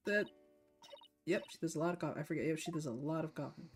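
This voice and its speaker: A woman's voice: low-pitched, fast, a little mellow, soft background music. A woman streamer giving casual gameplay commentary, chatty and self-deprecating, laughing often, her voice a little sore. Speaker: streamer playing a game.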